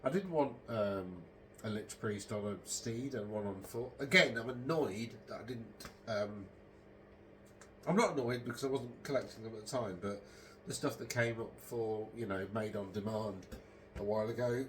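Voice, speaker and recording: A man talks in a low, easygoing register. He rambles through his thoughts with frequent ums, restarts and corrections, and faint ambient noise sits behind him. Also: moderate pace, a bit bright. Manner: meandering, hesitant, full of ums and self-corrections. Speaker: podcast host. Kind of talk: casual rambling monologue.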